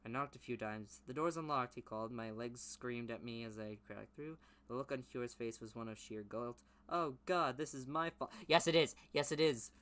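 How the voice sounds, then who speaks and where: A young man reading his old teenage story aloud in a low mumble, then breaking off into loud, mocking commentary. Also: normal speed, few pauses, slight background noise. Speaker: YouTuber reading his childhood writing.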